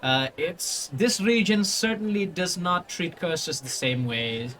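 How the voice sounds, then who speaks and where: A man's voice: high-pitched, expressive, slow pace, bright, forceful tone, slight background noise. Rambling game master man. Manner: rambling, with many fillers and restarts. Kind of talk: narrating a tabletop game.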